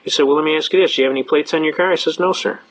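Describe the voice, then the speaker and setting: A man giving a lecture at a quick pace, telling a folksy story and acting out the dialogue. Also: fairly high pitch. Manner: rapid, folksy, acts out dialogue. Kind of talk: fast-paced lecture with storytelling. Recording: dull lo-fi remastered lecture tape.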